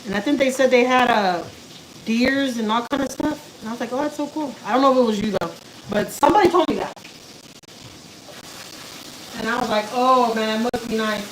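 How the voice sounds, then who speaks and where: A woman's voice: on the high side, a little fast, long pauses, a little hiss or hum, poor audio. Chatty woman chatting on a live stream. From Houston, Texas. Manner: chatty, talks to her pet and reads out viewer comments. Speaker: vlogger doing a live stream. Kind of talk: casual chat with live viewers while cooking. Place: home kitchen.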